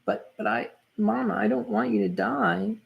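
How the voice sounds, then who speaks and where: A reader voicing a scared young boy in a live read-through of a manga chapter, the voice high and strained. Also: moderate pace, vocal fry, dull audio. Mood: frightened.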